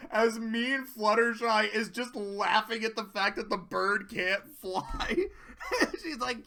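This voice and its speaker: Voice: mid-range voice, steady tone, unhurried, pushed and bright. A commentator casually recapping cartoon episodes, rambling, swearing freely and laughing often.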